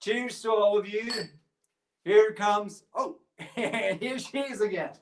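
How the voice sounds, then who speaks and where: A man's voice: sits high, takes it slowly, a little hiss or hum. A man fronting a rockabilly livestream from home, bantering loosely between songs with plenty of laughs and filler words. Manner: loose, jokey and chatty, with frequent laughs and fillers. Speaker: rockabilly singer and guitarist performing a livestream show. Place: at home, streaming a virtual concert.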